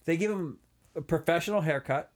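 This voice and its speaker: A man's voice: fairly high pitch, a little fast, noisy background. A man co-hosting a casual movie podcast, adding quips and details and laughing along. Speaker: podcast co-host.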